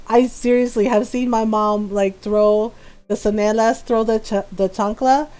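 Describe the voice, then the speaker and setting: A woman streamer telling a family story in casual chat, animated and laughing often, with lots of "like" and "right". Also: fairly high pitch, measured pace. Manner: repeats filler words like "right" and "like". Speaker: live game streamer.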